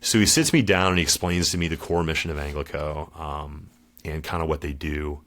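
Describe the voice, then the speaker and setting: A man's voice: extremely low pitch, fairly quick, a bit bright. A middle-aged man, a former Marine guest on a podcast, telling his story in a casual, slangy way and calling the host dude and brother.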